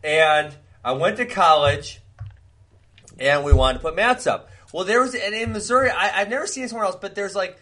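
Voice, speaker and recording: A man from Wisconsin co-hosting a podcast, telling a long story in a rambling, animated way and laughing often. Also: high voice, fairly quick, slight background noise. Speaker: podcast co-host. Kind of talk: casual storytelling chat.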